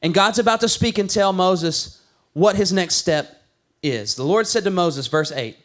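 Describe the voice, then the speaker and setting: A man's voice: high voice, animated, measured pace, a bit bright. A man in his thirties, a pastor, preaching a conversational sermon with playful storytelling.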